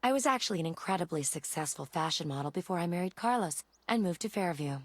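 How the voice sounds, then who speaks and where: A woman's voice: lowish voice, expressive, fast, dry recording. A woman voicing a vain, glamorous former fashion model housewife in a video game, with a boastful manner. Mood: smug. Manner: boastful, smug.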